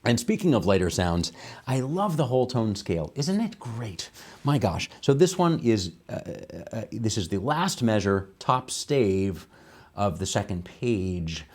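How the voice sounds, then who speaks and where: A man explaining a piano arrangement in a tutorial, enthusiastic and relaxed, musing aloud between examples. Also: fairly low pitch, a little slow. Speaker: piano teacher. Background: piano playing.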